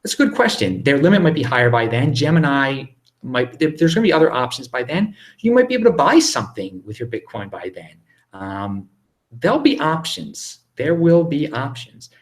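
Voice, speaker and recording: This is a relaxed live question-and-answer stream hosted by a man in his apartment, where he reads viewers' questions and replies. He talks animatedly in a hushed, near-whispering voice, overlapping himself and restarting quickly.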